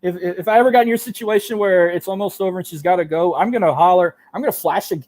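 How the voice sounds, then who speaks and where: A man guesting on a podcast interview, telling loose, animated stories with casual swearing. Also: sits high, quick pace. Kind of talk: casual chat.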